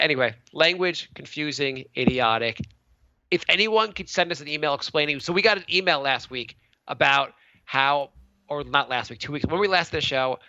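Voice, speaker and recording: A man's voice: medium pitch, dry recording. A man in his thirties co-hosting a podcast, chatting casually and rambling with lots of restarts. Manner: rambling, animated, many restarts and stammers. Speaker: podcast co-host. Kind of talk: casual chat. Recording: dull lo-fi dry sound.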